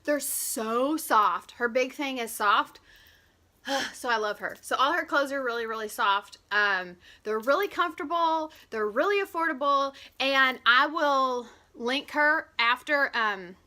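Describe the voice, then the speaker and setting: A woman's voice: high-pitched, measured pace, pushed and bright. A woman hosting a live stream in a bubbly, chatty way and greeting viewers by name, filmed at home on a camera propped on a shoebox. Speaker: host of a weekly live stream. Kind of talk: casual live-stream chat.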